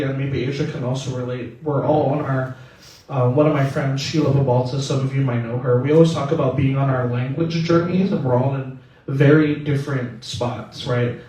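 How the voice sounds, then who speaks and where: A man's voice: medium pitch, warm tone. A man moderating a panel discussion in an indoor theatre, talking conversationally and often adding "right?". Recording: echoey theatre from far off.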